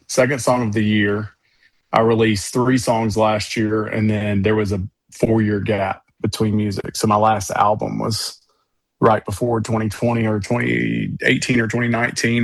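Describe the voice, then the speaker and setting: A man with a low, fairly flat voice talks about his music in a casual interview, drifting from story to story with plenty of fillers and eager asides. The recording is dry, with little room sound. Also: no echo. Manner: rambling, enthusiastic storytelling with many fillers. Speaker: musician guest.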